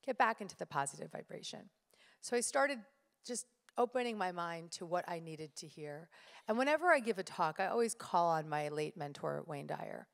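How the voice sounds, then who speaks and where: Woman, motivational speaker, live audience talk, lively storytelling, reverberant hall. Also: fairly low pitch, normal speed, creaky. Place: stage in a large hall.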